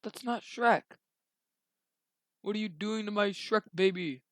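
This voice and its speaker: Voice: medium pitch, slow, dry recording. A young video creator casually retelling a story while drawing, rambling along with slangy asides.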